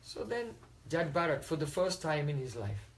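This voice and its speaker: A man's voice: fairly high pitch, normal speed, slight background noise. Man telling a story in a religious talk. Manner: animated storyteller, checks in with listeners. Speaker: spiritual teacher.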